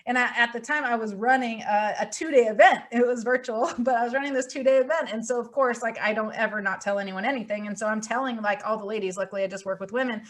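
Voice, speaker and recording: A young woman hosting a podcast, telling a story in a lively, animated way and acting out her own thoughts. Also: a little high, fast, few pauses. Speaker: podcast host. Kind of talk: casual chat.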